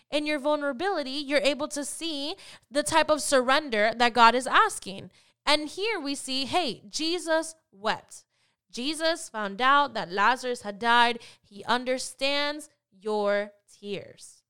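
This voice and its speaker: Bright, high-voiced woman podcast host. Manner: earnest, encouraging, repeats phrases. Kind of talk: faith podcast talk.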